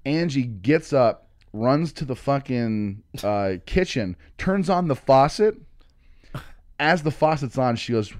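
A man's voice: medium pitch, measured pace, no echo. A man in his thirties spins a raucous story in casual chat, acting out every quoted line with a curse or two. His voice sits in a middle register. The studio sound is dry and close. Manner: animated, swearing, acting out quotes. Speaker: comedian guest.

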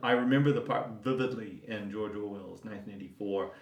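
A man co-hosting a podcast, chatting casually and digressively about a film, quick to laugh. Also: fairly low pitch. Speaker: podcast co-host. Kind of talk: casual film review chat. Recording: roomy, distant mic.

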